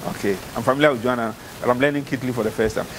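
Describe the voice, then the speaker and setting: A man's voice: mid-range voice, fairly even intonation, rapid-fire, slight background noise, rough recording. A man with a Ghanaian accent giving a university classroom lecture, often repeating points and checking understanding with "okay?" as he calls on students.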